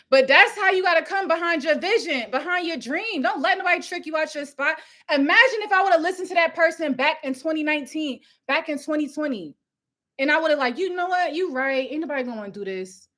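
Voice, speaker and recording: Loud, bright-voiced woman preaching hustle. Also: very high-pitched, normal speed. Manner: loud, passionate, preachy, laughs often. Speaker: host of a live coaching stream. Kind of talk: live motivational talk. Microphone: phone or webcam at home with ring light.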